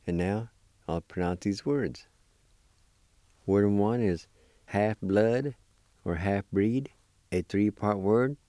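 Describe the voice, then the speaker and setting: A man's voice: lowish voice, slow pace, long pauses, dark tone, dry recording. A man teaching a language lesson, patiently spelling and sounding out words syllable by syllable and encouraging his listeners.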